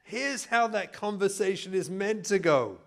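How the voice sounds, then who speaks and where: A man from Israel, a rabbi and family therapist, giving an animated lecture full of acted anecdotes. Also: sits high, unhurried. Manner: animated, storytelling, emphatic.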